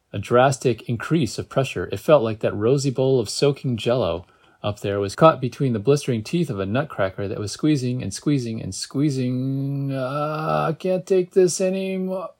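A man's voice: medium pitch, normal speed. A man reading a novel aloud in a casual way, with joking asides and small stumbles. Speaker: reader.

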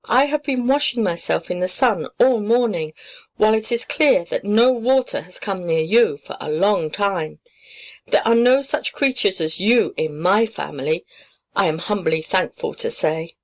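A woman's voice: medium pitch, animated, normal speed. A woman voicing a vain, haughty tomcat in a storybook reading, speaking with disdain.

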